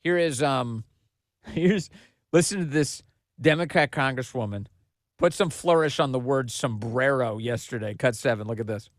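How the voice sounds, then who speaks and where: Man, podcast host, sarcastic commentary, mocking tone, mid pitch, dry recording. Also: normal speed, dry recording. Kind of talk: political commentary.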